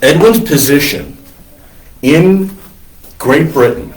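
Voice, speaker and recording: A priest lecturing on church history in a classroom, wandering into digressions with many ums and uhs. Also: male voice, a little high, slow. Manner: discursive, digressive with many fillers. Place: classroom with students. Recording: roomy classroom from far off.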